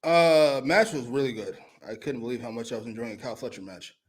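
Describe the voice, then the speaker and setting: A man's voice: medium pitch, expressive, fast, slightly rough. Blunt, profane man talking wrestling. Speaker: wrestling show co-host. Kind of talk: casual opinionated chat.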